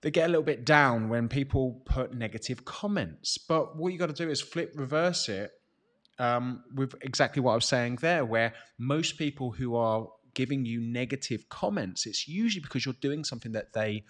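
A man's voice: medium pitch, expressive, moderate pace, fairly bright tone. A British man in his thirties coaching people on fitness and mindset in a loose, chatty way. He talks bluntly and with energy, swearing freely as he makes his points. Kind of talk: casual motivational talk.

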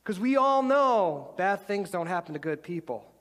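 A man's voice: high voice, sing-song, normal speed, a bit bright, long reverb tail, pitched above the performer's own voice. A man voicing Job's friends, who lecture him that he must have sinned, in a preachy manner, in a live sermon. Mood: lecturing. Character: smug accusing male friends of Job.

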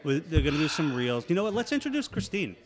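Man host, teasing, bright and animated, casual banter. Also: a little high, quick pace. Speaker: podcast host. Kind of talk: casual chat.

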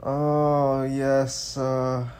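A man co-hosting a casual political commentary podcast, animated and swearing, with many stumbling restarts. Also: mid-range voice, extremely slow, clear, resonant tone. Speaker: podcast co-host.

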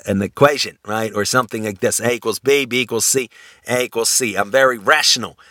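A man's voice: medium pitch, bright, forceful tone, dry recording, clean studio sound. A man giving a lecture, thinking aloud with frequent restarts, rhetorical questions and wry everyday examples. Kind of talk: university lecture.

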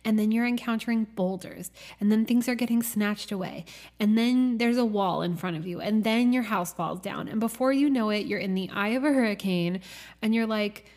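A woman hosting a podcast, talking through a reflective spiritual monologue in an earnest, musing way, with drawn-out phrasing and frequent fillers. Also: medium pitch, a little mellow. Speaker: podcast host.

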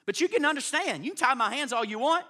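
A man's voice: very high-pitched, lively intonation, fast talker, bright, forceful tone. A man preaching a sermon to a room of pastors, emphatic and constantly checking in with his listeners. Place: live before a room of listeners.

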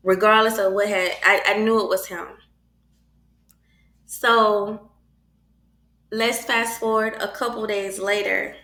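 A middle-aged woman casually telling a personal faith story, animated and acting out the voices of the people in it. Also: medium pitch, slow, pauses often, roomy sound. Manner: animated, acts out quoted voices.

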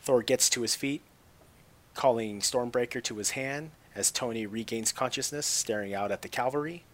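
Male co-host, mid-pitched voice, chatty and easily amused while reading scene beats. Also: normal speed, a bit bright. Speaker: podcast co-host. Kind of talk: casual retelling of a movie.

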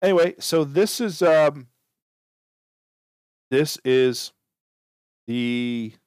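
A man's voice: a little high, extremely slow, darkish tone, clean tone, no echo, clean studio sound. A man hosting a podcast, giving casual advice in a loose, rambling way, often restarting and repeating himself. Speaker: podcast host.

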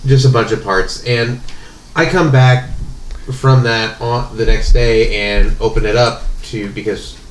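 A man's voice: lowish voice, echoey room, a little hiss or hum. A man casually telling a long story about his old job, rambling with many fillers and restarts. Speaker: podcast guest telling a work story.

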